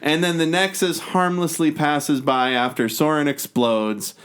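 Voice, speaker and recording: A man co-hosting a podcast, recapping a movie in loose, profane chat with quick quoted impressions. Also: fairly high pitch, steady tone, a bit bright, smooth. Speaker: podcast co-host. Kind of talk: casual chat.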